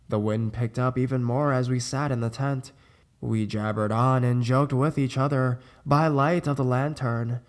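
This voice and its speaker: Man calmly narrating a scary story. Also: mid-range voice. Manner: steady, conversational reading. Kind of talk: first-person horror story narration.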